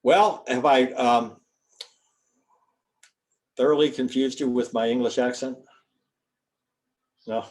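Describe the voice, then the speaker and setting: A man's voice: medium pitch, steady tone, slow, long pauses. An older man, a chiropractor, giving an informal lecture to students in a folksy, rambling way and spelling out terms. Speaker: guest speaker, chiropractor.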